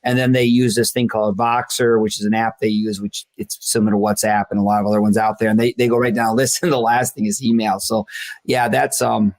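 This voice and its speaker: A man chatting casually with relaxed fillers and sharing a workplace anecdote. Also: lowish voice, a little fast, dry recording. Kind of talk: conversational discussion.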